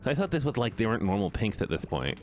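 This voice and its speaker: Man, game streamer, low and bouncy, playful chat with viewers. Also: sing-song, fast talker, music in the background. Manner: playful, laughing, chatty with viewers. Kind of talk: casual live-stream chat while gaming.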